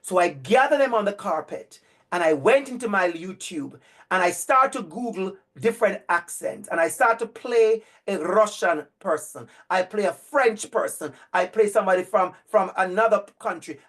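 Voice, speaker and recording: A man giving a talk as an educator, telling stories in an animated, emphatic way, repeating words for effect and acting out children's voices. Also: sits high, normal speed. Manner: emphatic repetition. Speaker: educator and speaker. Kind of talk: storytelling talk.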